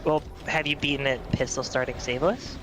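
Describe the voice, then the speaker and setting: A man's voice: mid-range voice, fairly even intonation, fairly quick. Teasing man on a noisy line. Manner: teasing, talkative. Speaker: stream guest. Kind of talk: casual gaming chat.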